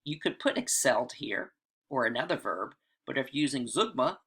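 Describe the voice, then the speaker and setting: A man's voice: mid-range voice, lively intonation, moderate pace, fairly bright tone, husky. A man teaching rhetorical devices in a casual lecture, chatty and often checking in with "right?" and "all right". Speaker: writing teacher.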